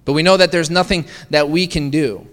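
A man delivering a sermon in a fairly high voice, talking to his listeners and asking rhetorical questions. He often checks in with a quick "right?" while he explains scripture. His voice carries a long reverb from a large hall. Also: steady tone, fairly bright tone. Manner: conversational, asks the congregation rhetorical questions with frequent "right?". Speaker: preacher.

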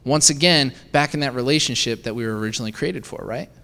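A man's voice: medium pitch, fast talker, vocal fry, bright, forceful tone, in a large hall. A man preaching a sermon in a conversational way, often asking the listeners questions. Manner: conversational, asks the congregation rhetorical questions with frequent "right?".

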